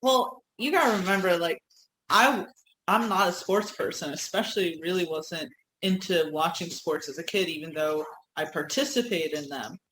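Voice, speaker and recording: A woman's voice: lowish voice, moderate pace, fairly bright tone, echoey room, a little hiss or hum, rough recording. A woman co-hosting a casual podcast, laughing often and swearing freely as she reminisces. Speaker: podcast co-host. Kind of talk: casual chat.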